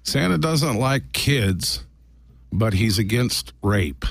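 A man playing a crude, boozy Santa in a comedy bit, talking in a slow drawl with a low rumbling laugh and singing dirty carols to guitar. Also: lively intonation, gravelly, dry recording, clean studio sound, exaggerated voice. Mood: sleazy, boastful.

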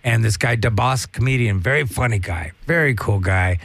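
A man's voice: on the low side, animated, normal speed, vocal fry, fairly bright tone, no echo. A man, a stand-up comedian, telling rambling, profane stories in casual chat.

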